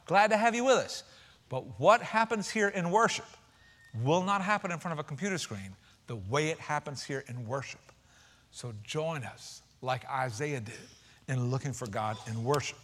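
A man delivers a sermon in a high, bright voice. His preaching is energetic and casual, and he drops slang asides to his listeners. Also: moderate pace. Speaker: pastor.

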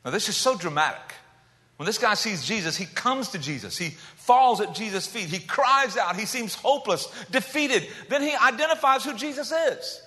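A man preaching a dramatic sermon, shifting between loud emphatic calls and hushed low asides. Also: expressive, normal speed. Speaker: pastor. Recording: long hall reverb.

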